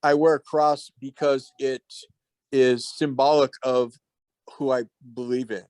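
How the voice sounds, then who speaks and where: A man hosting a casual talk, earnest and reflective, with halting restarts. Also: medium pitch, fairly even intonation, a little mellow, dry recording. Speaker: host.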